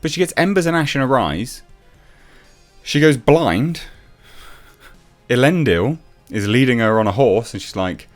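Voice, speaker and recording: A man's voice: mid-range voice, expressive, a little slow, long pauses, soft background music. A man reviewing a TV episode in a sarcastic, exasperated rant, swearing freely. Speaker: TV show reviewer. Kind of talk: ranting video review.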